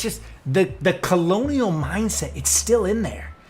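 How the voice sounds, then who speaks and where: An American man casually chatting on a live stream, swearing often and ranting loudly when worked up. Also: high voice, lively intonation, faint music behind. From United States. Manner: profane, ranting, gets loud and drawn-out when worked up.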